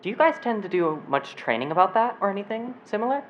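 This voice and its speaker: A woman's voice: medium pitch, big pitch swings, fast, slight background noise. A woman in the audience asking the panel a question casually. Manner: casual, uses filler phrases. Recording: dull convention audio.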